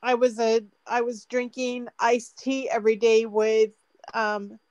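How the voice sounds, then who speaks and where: A woman's voice: on the high side, flat delivery, unhurried, a little mellow, no room sound, highs cut off. A woman on a video call sharing her experience in an emotional, tearful but overjoyed way. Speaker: program participant on a call. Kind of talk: casual testimonial.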